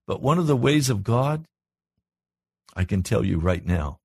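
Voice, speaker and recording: A man preaching as a pastor, earnest, his voice climbing higher and louder when he presses a point. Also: big pitch swings, a little slow, vocal fry, breathy edge, no room sound, clean studio sound. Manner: earnest, rises in pitch and volume when stressing a point. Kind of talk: sermon.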